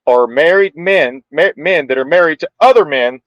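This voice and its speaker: A man co-hosting a casual political chat, talking in an animated, slangy, joking way. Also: a little high, normal speed, no echo, highs cut off. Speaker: co-host.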